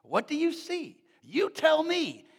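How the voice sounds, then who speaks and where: A man's voice: very high-pitched, wildly swooping pitch, takes it slowly, gravelly, in a large hall, voice pushed up, exaggerated voice. A man voicing an evasive, offhand teacher in a sermon retelling. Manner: dodging, flippant.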